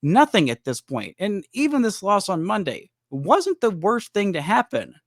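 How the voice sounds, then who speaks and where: A man with a fairly high voice hosts a solo sports podcast and vents his frustration with emphatic, exasperated delivery. His pitch swings widely as he talks. The recording is dry and close, with no room sound. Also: wildly swooping pitch, moderate pace, no room sound. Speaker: podcast host. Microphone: studio microphone.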